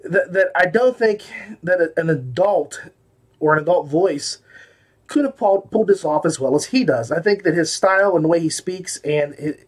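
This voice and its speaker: A man talks through his audiobook reviews in a loose, unscripted way, circling back on himself and padding with fillers. His voice sits a little higher than most men's. It's easygoing podcast chatter rather than polished delivery. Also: expressive, moderate pace, breathy edge. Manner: rambling, with many fillers and restarts. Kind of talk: casual spoken review.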